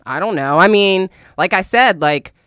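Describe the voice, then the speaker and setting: Animated, profane young woman telling a story. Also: mid-range voice, moderate pace, smooth, no echo, studio quality. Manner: frank and profane, laughs often, animated. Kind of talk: candid storytime monologue.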